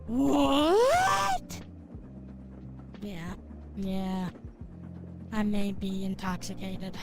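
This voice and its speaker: Bubbly high-voiced woman streamer. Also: expressive, measured pace, very noisy. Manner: bubbly, rambling, swears casually. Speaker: game streamer. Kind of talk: casual live-stream chat.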